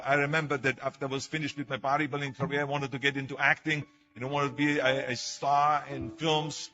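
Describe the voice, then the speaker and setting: A man's voice: fairly high pitch, lo-fi sound. An older man with an Austrian German accent, whose first language is German, giving an emphatic motivational speech full of stories. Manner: storytelling, emphatic, with acted quotes. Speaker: public speaker.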